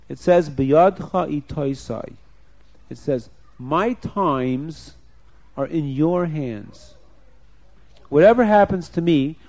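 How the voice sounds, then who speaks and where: A man telling a moral story to children, animated, acting out scenes and putting questions to his listeners. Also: high-pitched.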